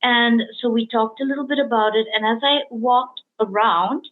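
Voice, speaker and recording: A woman's voice: a little high, moderate pace. Woman host on a tinny line. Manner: storytelling, emotional, many fillers and restarts. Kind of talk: casual interview chat. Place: lives in Hong Kong.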